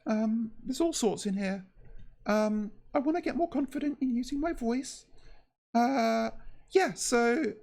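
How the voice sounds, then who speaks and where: This VTuber streamer chats casually, her voice pitched a bit high, slightly shaky, creaky, and darkish in tone. She speaks haltingly and nervously, often stopping and restarting and leaning on fillers.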